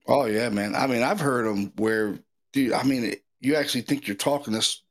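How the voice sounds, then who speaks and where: A man's voice: mid-range voice, fairly quick. A man hosting a podcast, telling stories in a laid-back, slangy way. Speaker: podcast host. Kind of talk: casual chat.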